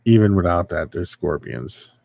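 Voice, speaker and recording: A man's voice: low-pitched, lively intonation, moderate pace, vocal fry, dark tone. A man hosting a casual livestream, answering viewers and rambling through a story. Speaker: livestream host.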